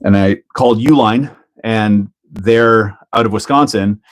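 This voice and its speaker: Laid-back Canadian man, low voice. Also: unhurried. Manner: laid-back, jokey, laughs often, reads chat aloud. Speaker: livestream host. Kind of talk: casual livestream chat while building a kit.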